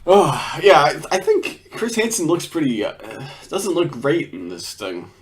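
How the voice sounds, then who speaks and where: Man, casual reaction commentary, lively swinging pitch, rambling, swears, laughs a lot. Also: measured pace. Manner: laughs often, swears freely, rambling restarts. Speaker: video commentator.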